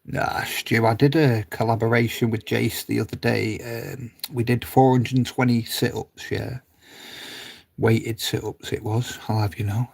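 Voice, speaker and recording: A man chatting casually on a live stream, reading comments aloud, rambling, swearing freely and laughing often, sometimes dropping to a low mutter. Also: little pitch movement, unhurried, vocal fry, a little mellow.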